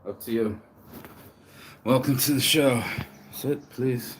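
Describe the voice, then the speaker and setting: Emotional man rambling with halting restarts. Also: medium pitch, slight background noise. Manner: rambling, halting restarts, casual swearing, says "bro". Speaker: vlogger. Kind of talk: emotional monologue vlog. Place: outdoors, sitting on a bench.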